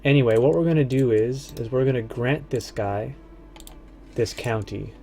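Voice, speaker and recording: A man streaming a strategy game, casually thinking aloud and muttering to himself, his words often trailing off low. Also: normal speed, gravelly, warm tone, slight background noise.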